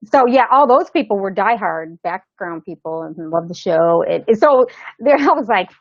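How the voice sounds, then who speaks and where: Animated woman telling a story on a dull line. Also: mid-range voice, moderate pace, dry recording. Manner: animated, acts out the voices of people in her story. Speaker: actor and interview guest. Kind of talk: casual storytelling in an interview. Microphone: remote call setup. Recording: slightly dull lo-fi sound.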